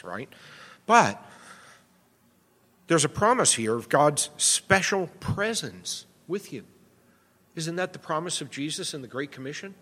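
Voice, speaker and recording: A man's voice: a little high, sharp tone. A man preaching a sermon, earnest and emphatic, asking rhetorical questions and pressing his points home. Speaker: pastor. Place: church sanctuary. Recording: long reverb of a church hall.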